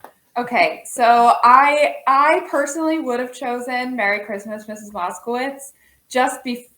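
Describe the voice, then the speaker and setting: A woman co-hosting a casual TV recommendation chat, relaxed and conversational with some fillers. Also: a little high, measured pace. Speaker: co-host. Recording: echoey room.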